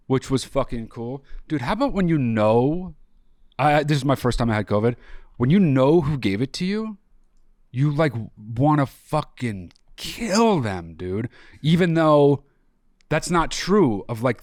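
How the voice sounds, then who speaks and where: A man's voice: medium pitch, a little mellow, no echo, studio quality. A young man hosting a podcast in casual chat, profane and jokey with mock outrage, a little nasal after being sick. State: slightly nasal after illness. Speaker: podcast host.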